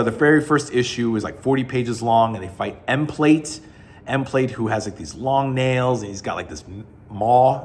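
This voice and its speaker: A man gives a casual, rambling review of a comic book collection, blunt and full of fillers and restarts. His voice is medium in pitch, with a little hiss or hum in the audio.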